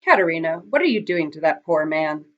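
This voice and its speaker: A woman's voice: sits low, very animated, fairly quick, a bit bright. A woman voicing a grumpy male townsman in a storybook reading, scolding then grateful. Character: grumpy townsman who calls the goose silly. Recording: dull lo-fi recording.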